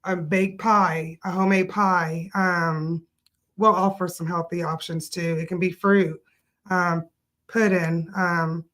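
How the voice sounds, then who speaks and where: A woman who owns an adult day care business, explaining her services in a measured way with frequent fillers. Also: on the low side, fairly even intonation, a bit bright. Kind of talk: casual interview answers.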